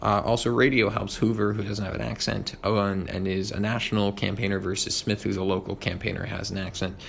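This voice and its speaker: A young man reviewing history fast, with lots of ums and uhs, over faint background noise. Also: fairly low pitch, flat delivery, gravelly. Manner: quick, with many ums and uhs. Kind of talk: rapid study review.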